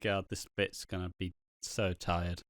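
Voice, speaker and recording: Smooth-voiced sweary man. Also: deep voice, a little slow, dry recording, clean studio sound. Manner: animated, sweary, chatty. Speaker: podcast co-host. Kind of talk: casual chat.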